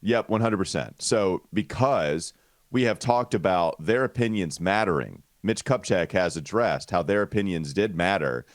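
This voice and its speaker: A man's voice: sits low, lively intonation, moderate pace, no room sound, clean studio sound. A man hosting a casual sports podcast, talkative and teasing his co-host. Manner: teasing, talkative, reads ad copy.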